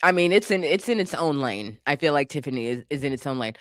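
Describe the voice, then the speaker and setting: Fast and expressive, a mid-range voice belongs to a YouTube commentator reacting to song lyrics with sarcasm and frequent laughter. The vlogger is at home in a living room with a couch and a cat, and the sound is dry, clean, and studio-grade.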